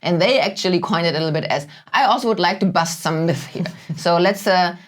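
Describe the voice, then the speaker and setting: A woman hosting a casual chat, speaking in a measured way with hesitant fillers. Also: fairly low pitch. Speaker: host.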